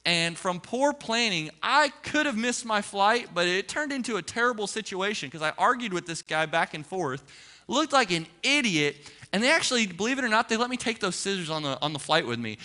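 A man preaching as a pastor, telling a personal story with animated, acted-out dialogue before turning to scripture. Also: high-pitched, brisk.

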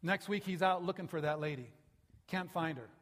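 A man's voice: high-pitched, normal speed. A male pastor preaching a sermon and telling stories with animation. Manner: animated, acts out the people in his stories. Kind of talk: sermon storytelling. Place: church sanctuary.

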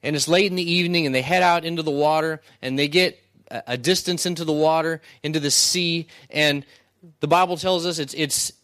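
A man's voice: fairly high pitch, steady tone, brisk, fairly bright tone, dry recording. A man preaching a sermon in a conversational way, often asking "right?" and restarting words. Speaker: pastor.

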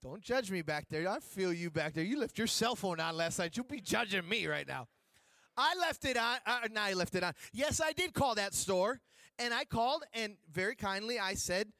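High-pitched male preacher telling a lively anecdote from the pulpit, dry and close. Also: no echo. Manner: animated, joking with the congregation. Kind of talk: storytelling sermon. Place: church.

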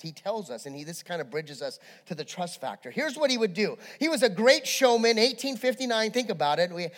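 A man preaching a sermon as pastor, telling a story with animated energy and acting out voices. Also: high-pitched, big-room sound.

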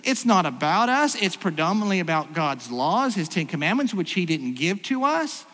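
A man preaching to his congregation with a high, light voice, asking questions and restarting sentences as he thinks aloud. His words ring out with a long reverb in a church sanctuary. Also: big pitch swings, moderate pace, fairly bright tone. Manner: conversational preaching, rhetorical questions, frequent restarts. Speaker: pastor. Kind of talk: sermon.

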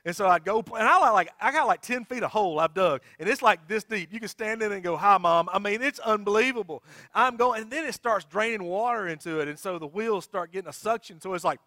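Animated, high-pitched man preaching. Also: quick pace, no room sound, clean studio sound. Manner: animated storytelling, shouting at peaks, dropping to quiet appeals. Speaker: pastor. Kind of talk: sermon.

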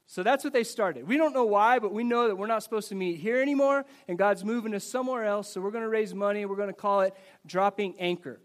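High-voiced pastor preaching. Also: male voice, fast talker, few pauses. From United States. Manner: conversational, animated storytelling preacher. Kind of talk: sermon with personal stories. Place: church service before a congregation.

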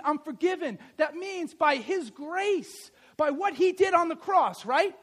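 High-voiced preacher who shouts and drops low. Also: male voice. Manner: swings from shouting emphasis to soft asides; conversational, with fillers and self-corrections. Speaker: pastor. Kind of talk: sermon.

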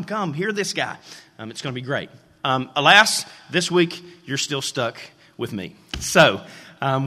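A man's voice: medium pitch, sharp tone. A man preaching a sermon as pastor, talking casually with fillers and acting out the voices in his stories. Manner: conversational with fillers, acts out quoted voices. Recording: long reverb of a large hall.

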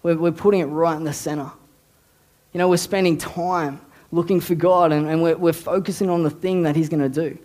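A man preaching to his church in an easy, conversational way. His voice sits a little high, and he often repeats words and restarts phrases as he builds each point. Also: fairly even intonation, a little fast, darkish tone. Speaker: youth pastor. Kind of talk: casual sermon.

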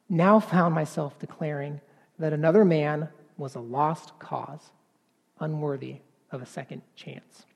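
Slow, earnest man preaching in a hall. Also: on the high side. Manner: earnest, halting with repeated words, swelling to emphatic passages. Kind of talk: sermon.

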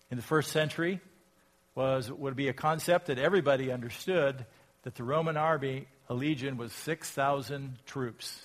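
A pastor preaching a sermon, reading scripture aloud and asking reflective, rhetorical questions. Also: male voice, medium pitch. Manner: reflective, asks rhetorical questions, rises in volume when quoting scripture.

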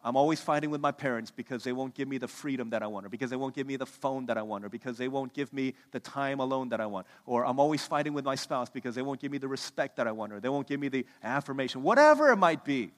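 A man preaching a sermon, animated, acting out the voices of the people he quotes. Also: mid-range voice, quick pace, hardly any pauses, long reverb tail. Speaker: pastor.

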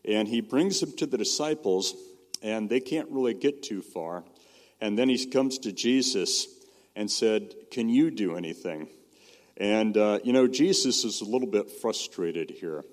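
A middle-aged man preaches a sermon in a low voice, relaxed and conversational as he tells stories. On his key points he drops to a soft, hushed tone. His voice rings with the long reverb of a large hall. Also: unhurried. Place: church or meeting hall.

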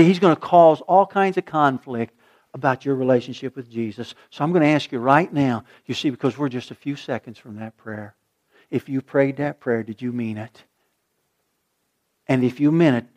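A male pastor preaching a sermon, swinging from loud emphatic lines to a hushed, slow prayer. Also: on the high side.

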